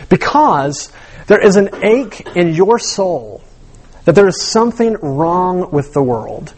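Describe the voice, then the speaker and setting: Casting note: higher-voiced male pastor, animated sermon delivery, questions to the congregation. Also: husky. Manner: animated teaching with rhetorical questions and repeated words.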